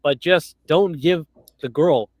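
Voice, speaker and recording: A man's voice: takes it slowly, no echo, lo-fi sound. Blunt man telling stories on a livestream. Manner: blunt storytelling, jumps into high shrill voices to mimic people. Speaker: livestream host. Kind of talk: casual chat.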